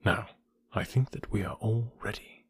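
A man voicing a composed, clever Victorian detective with a measured, dryly amused delivery in an audiobook. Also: lowish voice, slightly rough, no echo, clean studio sound.

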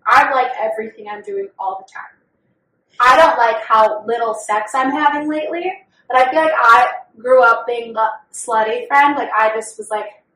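Pushed and bright, her slightly high voice carries a young woman's frank, profane, oversharing talk about her own life as she co-hosts a podcast in casual chat. The sound is roomy, picked up by a mic set far away.

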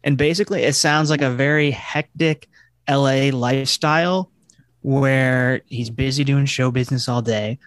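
A man's voice: medium pitch, moderate pace, fairly bright tone, dry recording, clean studio sound. Laughing man in casual chat. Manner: laughs easily, self-deprecating. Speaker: podcast co-host.

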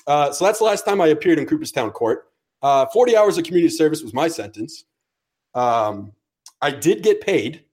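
Male podcast co-host, slightly high voice, profane and animated storyteller. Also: normal speed. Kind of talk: casual storytelling.

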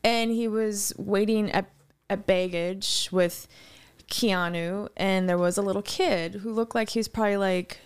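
A woman co-hosting a podcast, telling animated, rambling anecdotes in casual chat. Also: medium pitch, a little slow, clean tone. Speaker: podcast co-host.

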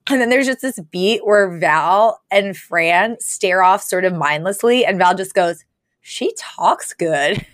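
Woman, podcast co-host, casual recap chat, giggly, lots of fillers, mid-pitched, dry close mic. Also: unhurried, few pauses, dry recording.

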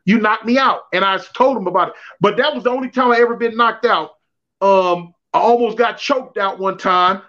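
A man's voice: sits high, moderate pace. A man telling prison stories in slangy, repetitive street talk on a livestream call. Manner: slangy, repetitive, animated storytelling. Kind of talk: casual livestream storytelling. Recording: dull lo-fi livestream audio.

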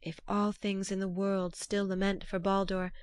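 A woman's voice: mid-range voice, level tone, normal speed, smooth, dry recording, lightly acted. A woman voicing a pale maiden who guards a bridge, speaking formally in old-fashioned, stately phrasing. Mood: solemn. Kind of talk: storybook reading.

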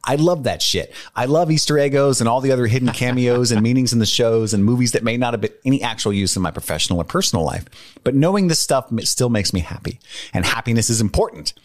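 Clean studio sound without echo carries a medium-pitched man with lively intonation and a quick pace. Co-hosting a podcast, he reads listener mail in a relaxed, swearing style, growing sincere and earnest when he speaks from the heart.

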